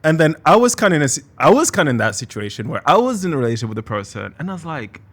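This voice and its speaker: Animated man with a lively, high voice. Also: racing. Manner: animated and self-mocking, laughs easily. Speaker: podcast guest. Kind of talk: casual podcast conversation.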